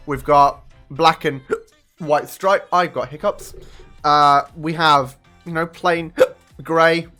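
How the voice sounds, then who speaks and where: A young man in his twenties, chatting casually with viewers on a live stream in a room at home. He talks into a desk microphone and swears a lot. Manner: chatty and profane, with sudden high excited jumps. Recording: faint music under the voice. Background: faint music.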